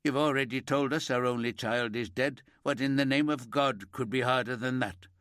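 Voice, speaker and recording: A man's voice: medium pitch, fairly even intonation, normal speed, fairly bright tone, no echo, clean studio sound, pitched above the performer's own voice, close to an everyday voice. A man voicing a frail, grieving father who speaks with strained anger. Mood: angry. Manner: strained, angry then cracking.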